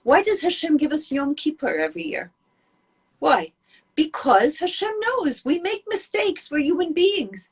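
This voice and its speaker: A woman giving an earnest, emphatic inspirational talk to women, telling stories with warmth and conviction. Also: sits high, very animated, unhurried. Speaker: Jewish women's speaker.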